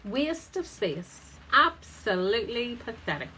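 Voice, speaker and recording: A woman voicing a poisonous parrot that scolds and belittles, in a higher, louder voice than her own. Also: big pitch swings, a little slow, slight background noise, heavily acted, low-quality recording. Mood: scornful. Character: nagging, scornful poisonous parrot critic.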